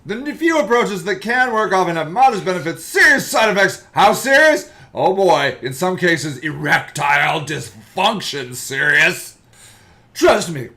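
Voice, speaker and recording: Excitable man with a lively, high voice. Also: moderate pace, hardly any pauses. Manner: loud, excitable, mocking, jumps into silly voices. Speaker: podcast host. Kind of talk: comedic podcast chat reading a web article aloud.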